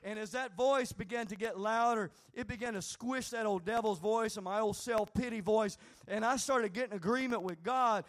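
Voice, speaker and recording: A middle-aged male pastor preaching through a personal story, chatty and repetitive, building to fervent exhortation. His voice sits notably high for a man. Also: moderate pace, hardly any pauses. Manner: animated preaching, conversational with repetitions. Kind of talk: sermon storytelling.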